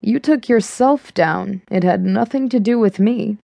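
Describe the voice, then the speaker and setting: A smug, manipulative man talks in a breezy, mocking tone, shrugging everything off, as a woman reading the audiobook acts him out. The delivery is slow and unhurried. The sound is dry and close to the mic. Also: medium pitch, gravelly, mellow, no echo, pitched above the performer's own voice. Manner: offhand and mocking.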